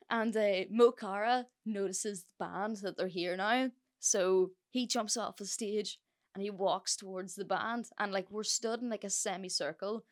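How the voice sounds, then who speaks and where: An Irish woman, young and hosting her own podcast, tells a story in a chatty way full of fillers and swearing. Her mid-range voice moves a little slowly.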